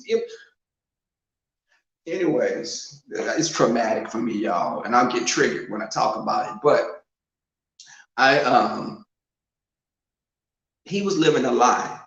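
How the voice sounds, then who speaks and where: A man telling casual stories at home, animated and loud when he quotes people, in an echoing room. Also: slow pace, vocal fry, long pauses. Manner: animated, swings loud and high when quoting. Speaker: storyteller. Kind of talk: casual storytelling. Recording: roomy home echo, muffled sound.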